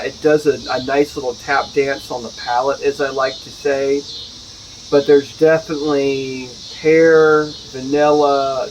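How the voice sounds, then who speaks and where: A man's voice: on the high side, slight background noise, low-quality recording. Chatty man reviewing whiskey outdoors. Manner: chatty, jokey, self-correcting asides. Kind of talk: casual solo review. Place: outdoors at home, with neighbors nearby.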